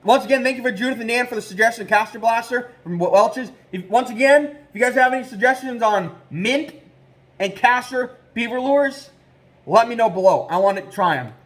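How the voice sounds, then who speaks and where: A man talking casually in a vlog about trapping, rambling and excitable, with many fillers and restarts. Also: extremely high pitch, a little fast. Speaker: trapping vlogger.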